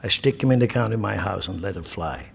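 A man's voice: on the low side, lively intonation, fairly quick, vocal fry, slight background noise. A man preaching a sermon with impassioned, rhetorical delivery and scornful asides. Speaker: pastor. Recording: long hall reverb.

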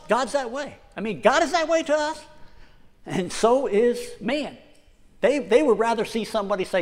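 A man preaching a casual, conversational sermon, often repeating himself and reading scripture aloud slowly. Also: high-pitched, a little mellow, long reverb tail.

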